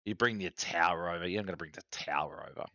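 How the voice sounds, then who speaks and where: A man's voice: deep voice, fast, bright, forceful tone, dry recording, muffled recording. An Australian man in his forties, chatting casually on a live stream, rambling with lots of fillers and restarts.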